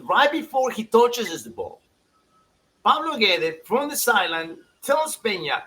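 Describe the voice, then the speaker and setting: Man, higher pitch, animated pundit acting out quotes; light background hiss. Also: measured pace, poor audio. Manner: animated, laughing storyteller, acts out quotes. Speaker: guest soccer pundit. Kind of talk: casual podcast chat.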